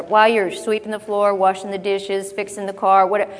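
A woman preaching a sermon, repeating phrases for emphasis and acting out low muttering. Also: level tone, brisk. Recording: long hall reverb.

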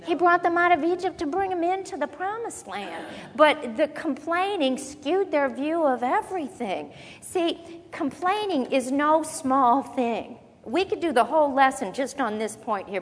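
A woman preaching a sermon, teaching from the Bible in a conversational, animated way with quick asides. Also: high voice. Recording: long reverb of a large hall.

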